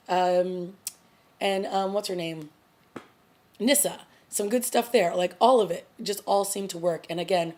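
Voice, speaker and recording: A woman with a fairly low-pitched voice talks through a TV episode in a loose, chatty vlog recap. She is a young adult who retells the plot casually, leaning on "like" and "you know" as she goes. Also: a little mellow. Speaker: TV review vlogger.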